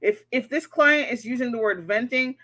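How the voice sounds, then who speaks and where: Woman, therapist vlogger. Higher-pitched voice with a sharp edge, blunt, indignant, swears a lot. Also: lively intonation, moderate pace. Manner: indignant ranting. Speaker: therapist reacting to a social media post. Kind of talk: reaction vlog commentary.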